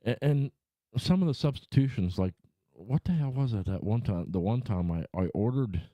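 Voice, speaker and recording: A man's voice: fairly low pitch, lively intonation, moderate pace, warm tone, dry recording. A middle-aged man hosting a livestream, chatting and ranting casually to his viewers with lots of swearing. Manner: profane, rambling, worked-up ranting. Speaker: livestream host. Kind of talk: casual rant and chat to viewers. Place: home room.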